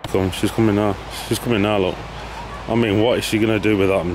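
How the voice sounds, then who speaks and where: A man's voice: fairly low pitch, fairly even intonation, fairly quick, slight background noise. A man filming a casual family vlog outdoors at a caravan park, teasing and laughing a lot. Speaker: vlogger, dad.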